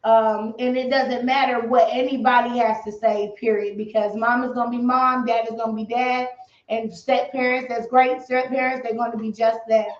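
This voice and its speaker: A woman hosting a casual interview, talking in a steady, reflective way and asking questions. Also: on the high side, normal speed. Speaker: host. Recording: roomy, distant, dull lo-fi sound.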